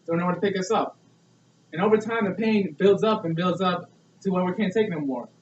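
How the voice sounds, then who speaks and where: Young male student, high voice, delivering an earnest persuasive speech with many rhetorical questions; distant, echoey, dull lo-fi recording. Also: a little fast. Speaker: student speaker.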